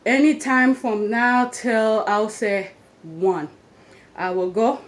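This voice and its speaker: A woman's voice: a little high, steady tone, slow pace. A woman, a mother, talking through her day in a casual vlog at home, rambling with fillers and restarts. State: out of breath after climbing stairs. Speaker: vlogger, mother.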